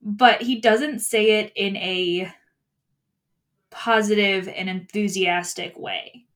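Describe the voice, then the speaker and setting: A woman's voice: medium pitch, fairly even intonation, slow, fairly bright tone. A woman co-hosting a book podcast, mostly chiming in with short agreements and adding points in casual chat. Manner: brief agreeing backchannels, casual. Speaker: podcast co-host.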